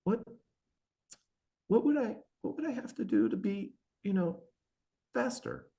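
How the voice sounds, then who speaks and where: A man's voice: high-pitched, huge pitch swings, unhurried, gravelly, dark tone, pitched above the performer's own voice, full character voice. A man putting on a shy, meek teenage girl. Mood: timid. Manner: timid, pleading.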